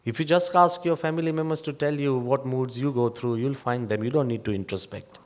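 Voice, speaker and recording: An older man delivers a motivational sermon in a mid-pitched voice, moving easily between wry jokes and earnest advice. His voice rings with the long reverb of a large hall. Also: a little fast. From England. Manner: lively storyteller with wry humor. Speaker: monk giving a motivational talk. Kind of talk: motivational sermon with humorous stories.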